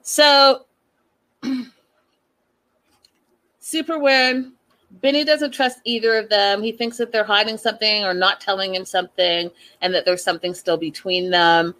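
A woman hosting a reality TV recap, giving sassy and animated opinions and repeating her points for emphasis. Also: mid-range voice, a little slow, pauses often, rough recording. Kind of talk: casual opinionated commentary.

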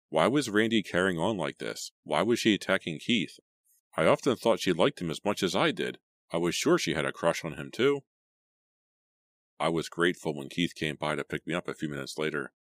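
A man with an extremely deep voice narrates a teen horror novel in a steady, measured read. The sound is dry and close, with no room around it. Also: dry recording. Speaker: audiobook reader.

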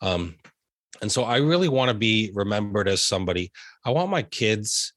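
Earnest young man, low dry voice. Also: big pitch swings, normal speed, a bit bright, no echo. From USA. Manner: earnest, gets emotional. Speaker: podcast guest, realtor. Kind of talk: heartfelt interview conversation.

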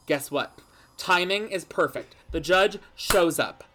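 A storyteller giving an animated, jokey plot recap and swearing casually. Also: medium pitch, takes it slowly, over music.

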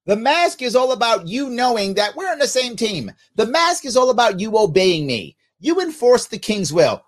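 A man hosting a podcast, delivering mocking, sarcastic political commentary. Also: high-pitched. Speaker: podcast host.

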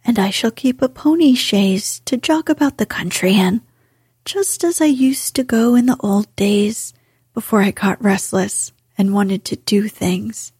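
A woman's voice: medium pitch, measured pace, no echo, clean studio sound. Toad, a humble toad, whispered by a woman. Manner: soft, breathy whispered reading. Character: boastful, repentant male toad, middle-aged gentleman.

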